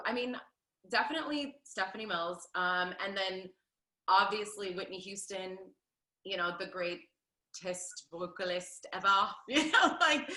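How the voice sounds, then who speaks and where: A woman in her thirties, a stage performer, answering interview questions in an animated, chatty way with lots of fillers. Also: medium pitch, roomy sound, low-quality recording. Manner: animated, laughs often, many fillers. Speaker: Broadway performer, guest.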